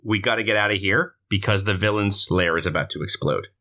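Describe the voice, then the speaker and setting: A podcast co-host recapping a film in casual chat, retelling scenes with animated delivery. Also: deep voice, brisk. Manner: animated retelling, acts out character lines.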